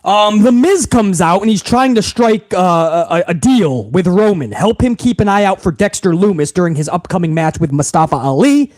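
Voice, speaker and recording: A man's voice: sits high, expressive, moderate pace, hardly any pauses, darkish tone, no room sound. A man hosting a wrestling podcast, recapping the show in a heated, profane rant full of incredulous repeats. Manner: heated, swearing, incredulous, talks over himself with repeats.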